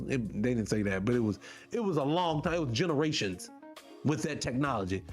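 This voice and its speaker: A man hosting a casual monologue for his viewers, firing off rhetorical questions and the odd swear word in an animated way. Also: medium pitch, fairly quick, soft background music. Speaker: podcast host.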